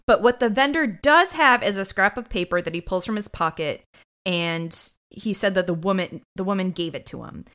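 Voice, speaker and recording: On a podcast she co-hosts, a woman walks through a TV episode in easygoing conversation, animatedly playing out the characters' lines. Her pitch is medium and her pace moderate.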